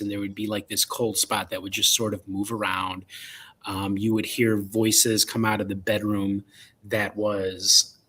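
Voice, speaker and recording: A podcast guest who investigates the paranormal tells a personal ghost story, full of fillers and restarts. He has a Chicago accent, being from Illinois in the United States, and his lowish, husky voice has a fairly bright tone.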